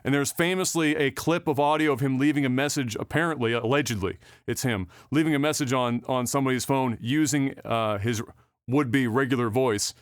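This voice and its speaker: A man's voice: mid-range voice, fairly quick, clear, resonant tone, no echo, clean studio sound. Rambling, profane podcast host man. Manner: rambling, profane, with frequent fillers. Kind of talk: casual podcast chat.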